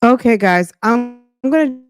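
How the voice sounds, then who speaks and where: A woman's voice: on the high side, lively intonation, normal speed, smooth, no room sound, studio quality, soft background music. A woman hosting a commentary channel, talking casually to her viewers in a chatty, rambling way with many ums and restarts.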